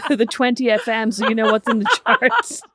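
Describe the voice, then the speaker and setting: A woman's voice: a little high, big pitch swings, fairly quick, pushed and bright, no room sound, studio quality. A woman in her thirties with an Irish accent, co-hosting a podcast in casual, teasing chat and often laughing. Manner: teasing, giggly, jokey. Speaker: podcast co-host.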